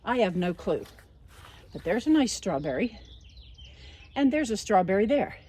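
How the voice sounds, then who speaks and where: A woman's voice: mid-range voice, big pitch swings, moderate pace, warm tone, breathy edge. Chatty older woman on a backyard walk. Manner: chatty and homespun, talking aloud as she walks. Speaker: home and garden vlogger. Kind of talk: casual walk-through vlog. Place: outdoors in a backyard and on a porch.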